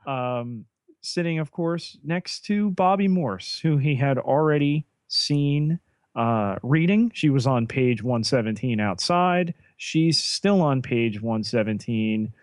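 A man's voice: mid-range voice, expressive, no echo. A man co-hosting a podcast, casually walking through a TV episode's plot with frequent ums and uhs. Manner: unhurried plot summarizing with fillers. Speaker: podcast co-host.

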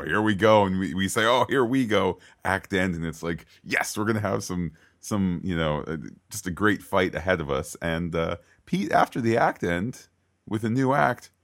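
A man co-hosting a podcast, chatting casually and ranting playfully about a TV episode. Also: sits low. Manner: opinionated, ranting with playful asides. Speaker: podcast co-host.

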